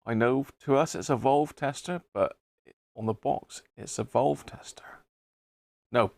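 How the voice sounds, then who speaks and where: A man's voice: medium pitch, measured pace, vocal fry, darkish tone, no echo, studio quality. A middle-aged British man hosting a live stream, chatting casually and greeting viewers by name between frequent chuckles. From Britain. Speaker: live-stream host, radio restorer.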